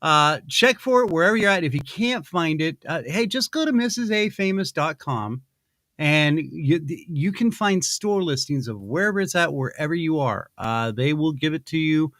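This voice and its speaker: A man's voice: fairly high pitch, lively intonation, normal speed, a bit bright, no echo. A male podcast host reading a sponsor spot in casual chat, rambling and playful with many restarts. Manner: rambling, self-interrupting, playful.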